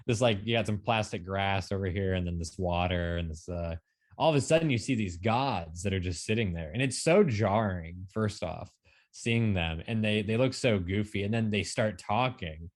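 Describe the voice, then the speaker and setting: Rambling low-voiced man reviewing a film. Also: moderate pace. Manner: rambling, many fillers and restarts. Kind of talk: casual chat.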